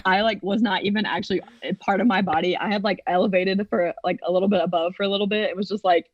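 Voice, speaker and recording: A woman in her twenties telling a personal story on a podcast in an animated way, with lots of fillers. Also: mid-range voice, fast, dry recording. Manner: animated, acts out quotes, many fillers. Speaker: podcast co-host. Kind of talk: casual storytelling. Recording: dull, dry sound.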